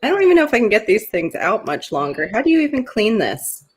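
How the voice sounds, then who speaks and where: A woman's voice: fairly high pitch, sing-song, fast talker, breathy edge. A woman co-hosting a live stream in casual group chat, giggly and teasing. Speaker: livestream co-host.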